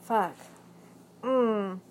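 A woman's voice: mid-range voice, extremely slow. Swearing young woman with a British accent. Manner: swears heavily, rambling, bursts into angry shouting. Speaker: vlogger. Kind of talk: emotional personal rant.

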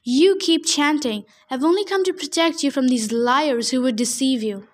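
A woman reading the part of a malicious old male ghost king, speaking slowly and mockingly. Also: high voice, natural voice. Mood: sneering. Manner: slow, sneering, mocking. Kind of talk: audiobook character reading.

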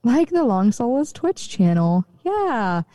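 A woman co-hosting a podcast in casual chat, animated and quick to laugh. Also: on the high side, no echo, studio quality. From rural area. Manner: chatty, laughs often, animated. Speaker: podcast co-host.

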